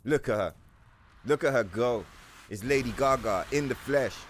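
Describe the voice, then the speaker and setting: A man's voice: mid-range voice, moderate pace, slight background noise. A young man streaming a game, ranting casually with lots of profanity and playful mock voices. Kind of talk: casual livestream rant while gaming.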